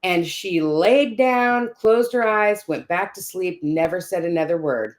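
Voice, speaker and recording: A woman's voice: lowish voice, animated, measured pace. A woman telling a personal caregiving story in conversation, checking in often with "you know" and "right?". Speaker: caregiver sharing her story.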